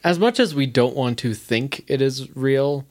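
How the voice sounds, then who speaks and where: A man's voice: medium pitch, animated, unhurried. A man co-hosting a podcast in casual chat, rambling and thinking aloud with many "like"s. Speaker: podcast co-host.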